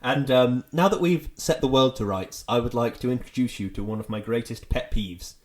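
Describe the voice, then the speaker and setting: A man's voice: mid-range voice, moderate pace. A man co-hosting a podcast, chatting casually and ranting with exasperated laughs. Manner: animated, exasperated, laughing rants. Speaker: podcast co-host. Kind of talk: casual chat.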